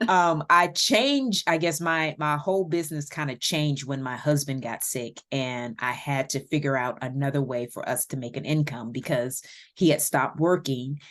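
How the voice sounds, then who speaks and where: A woman with a Southern American accent, a podcast guest speaking in a relaxed, reflective interview style with light laughs and fillers. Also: a bass voice. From Virginia, USA. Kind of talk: casual interview conversation.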